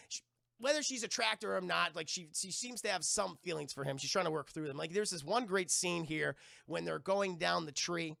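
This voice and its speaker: A man's voice: a little high, gravelly, no room sound, studio quality. A man streaming a live review of a cartoon episode, retelling scenes with lots of swearing, acting out the characters' lines and talking to his chat. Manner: animated, profane recap that acts out the characters' lines; addresses the stream chat directly.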